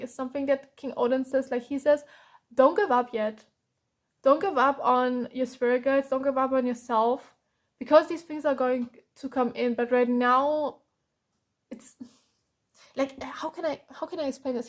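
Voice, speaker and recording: A woman from Germany giving a tarot reading, tired and openly frustrated, with sighs and frequent restarts. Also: high voice. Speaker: tarot reader.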